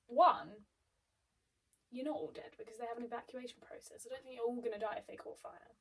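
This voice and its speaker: A woman reading theatre reviews aloud in casual chat, teasing her partner with quick asides. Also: a little high, steady tone, vocal fry, slightly rough. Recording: distant mic with faint noise.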